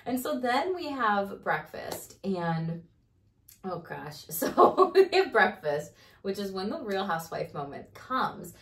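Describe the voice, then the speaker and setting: A woman in her thirties telling a story in casual chat, animated, swearing freely and laughing as she goes. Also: medium pitch, takes it slowly. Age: 30s. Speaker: podcast host. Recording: roomy, distant mic.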